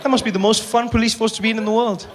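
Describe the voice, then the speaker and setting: A man from Africa, telling stand-up stories in an animated way and acting out the people he meets. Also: sits high, rapid-fire, crowd noise. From South Africa. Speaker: stand-up comedian. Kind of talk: stand-up comedy storytelling.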